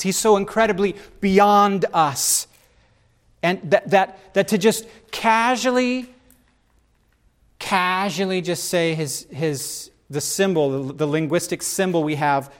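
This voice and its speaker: A man hosting a casual faith discussion, talking in an animated, rambling way with frequent restarts. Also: sits high.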